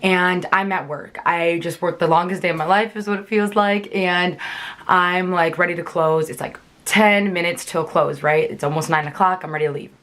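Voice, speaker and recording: A woman's voice: lowish voice, fairly even intonation, normal speed, a bit bright. A young woman telling a chatty storytime vlog, filling her sentences with "like". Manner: chatty, many fillers like "like". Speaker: vlogger.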